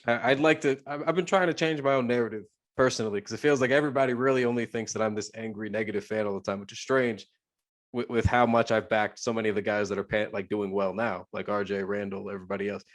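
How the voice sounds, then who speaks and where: Man, podcast co-host, lowish voice, casual rambling talk, lots of restarts. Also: steady tone, quick pace. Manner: rambling, many restarts and fillers. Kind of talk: casual sports chat.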